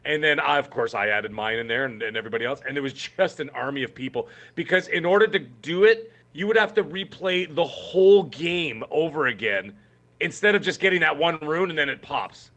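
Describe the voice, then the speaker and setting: A man's voice: on the high side, lively intonation, brisk, fairly bright tone. A man co-hosting a gaming podcast, talking in an emphatic, rambling way with many restarts. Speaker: podcast co-host. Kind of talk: casual podcast chat.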